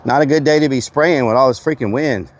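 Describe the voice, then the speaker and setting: A man's voice: medium pitch, fairly quick, a little hiss or hum. Breathless man streaming outdoors. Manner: chatty, answers chat, mild exclamations. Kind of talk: casual live-stream chat. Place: outdoors on a windy property.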